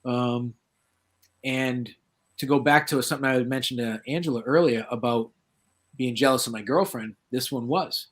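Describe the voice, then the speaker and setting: A middle-aged guest paranormal researcher from southeastern Massachusetts tells casual, relaxed anecdotes. His husky voice has a moderate pitch and pace, and he becomes lively when acting out the voices of people he quotes.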